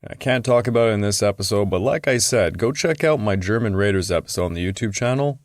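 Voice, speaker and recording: A man with a fairly low voice hosts a history podcast, telling the story in a relaxed, conversational way. He drops in blunt, wry asides. The recording is close and dry, with no room sound. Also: fast talker, no room sound. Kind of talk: casual history narration.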